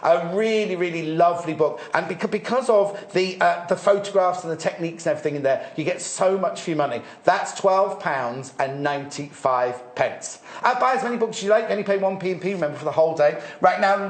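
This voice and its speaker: A man presenting on a shopping channel in lively, chatty live TV sales talk, reading out prices and laughing easily. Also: fairly high pitch, echoey room.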